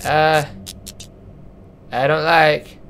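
A man's voice: on the high side, flat delivery, extremely slow, fairly bright tone, slight background noise. A young man hosting a let's play, chatting casually and reading game dialogue aloud in his own voice. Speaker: gaming channel host.

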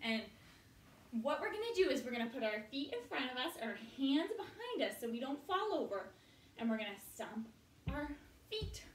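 A woman's voice: high voice, sing-song, normal speed, a little hiss or hum. A young woman leading a children's yoga story time, cheerful and encouraging, singing short chants. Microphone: online video from a camera at a distance. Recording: echoey room, voice from far off.

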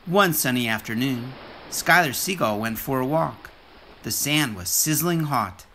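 A storyteller reading a children's picture book aloud in an expressive, sing-song way. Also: mid-range voice, unhurried, a little hiss or hum.

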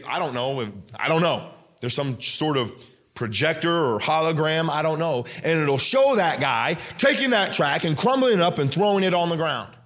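A man's voice: fairly high pitch, fairly bright tone. A male pastor preaching a sermon in a church, emphatic and conversational, often questioning the congregation directly. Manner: frequent fillers and restarts, conversational.

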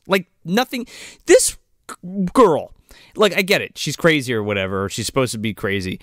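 A man's voice: fairly high pitch, expressive, fairly quick, no room sound, studio quality. A man co-hosting a casual movie-riffing podcast, crude and laughing, often acting out characters. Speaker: podcast co-host.

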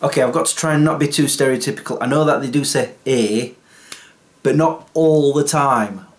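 A man's voice: medium pitch, fairly quick. A man chatting casually in a comedy vlog, self-deprecating and chatty. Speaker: vlogger.

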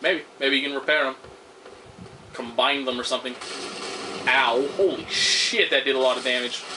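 A man commentating on his own gameplay, swearing loudly at the game and making sarcastic remarks. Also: mid-range voice, moderate pace, background noise. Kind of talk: let's play commentary.

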